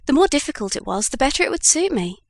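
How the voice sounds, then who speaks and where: A woman's voice: sits high, sing-song, fast talker, no echo, voice pushed up. A woman voicing an eager young male reporter in an audiobook, earnest and pleading.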